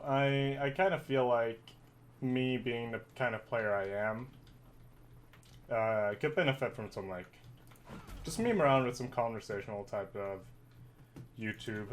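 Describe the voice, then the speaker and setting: A man giving casual, rambling gameplay commentary, swearing freely and poking fun at himself while slightly out of breath. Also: medium pitch. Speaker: gamer and streamer.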